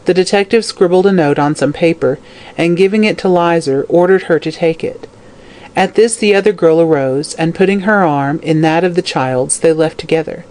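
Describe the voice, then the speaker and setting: A narrator reading a classic crime novel aloud in a steady, scripted audiobook style. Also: medium pitch, normal speed.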